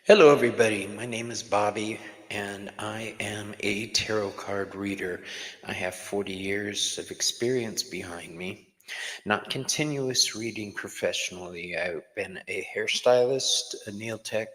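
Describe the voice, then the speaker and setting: A man's voice: fairly low pitch, steady tone, a little slow, fairly bright tone, poor audio. A middle-aged man who reads tarot, hosting a casual livestream class and rambling chattily while greeting viewers by name.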